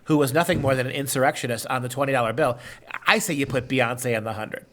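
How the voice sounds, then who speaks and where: A man's voice: medium pitch, fast talker, fairly bright tone, slight background noise. A man hosting a political talk show, mocking with rhetorical questions. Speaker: show host.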